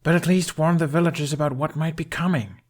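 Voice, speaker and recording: A man's voice: a little high, fairly even intonation, brisk, pitched above the performer's own voice, lightly acted. A man voicing an anxious, frantic young Viking man who pleads in a raised, urgent voice. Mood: pleading.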